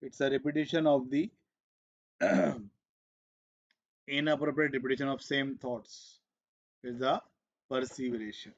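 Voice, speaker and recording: A man teaching an exam revision class, who explains slowly and repeats himself, switching into Hindi now and then, and keeps coughing and clearing his throat. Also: mid-range voice, little pitch movement, lo-fi sound. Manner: slow, repetitive explaining, switching into Hindi asides. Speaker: medical exam coaching teacher. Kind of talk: live exam revision lecture.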